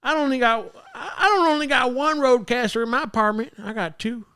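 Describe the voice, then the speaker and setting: A man voicing a cocky, flirty Southern-accented barfly with a smooth drawl, chuckling through smarmy pickup lines. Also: very high voice, quick pace, sharp tone, voice pushed up, full character voice. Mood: smarmy flirting. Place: home apartment studio.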